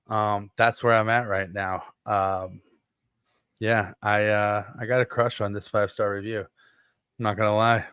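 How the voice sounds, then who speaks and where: A man's voice: lowish voice, a bit bright, clean tone, dry recording. Male podcast co-host, casual and playful, dry close recording. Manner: playful, jokey exaggeration.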